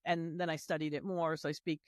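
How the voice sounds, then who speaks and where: Animated storytelling woman, dry close sound. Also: deep voice, brisk, no echo. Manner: animated storyteller, acts out quoted voices. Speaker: guest, heritage tour organizer. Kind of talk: casual panel conversation.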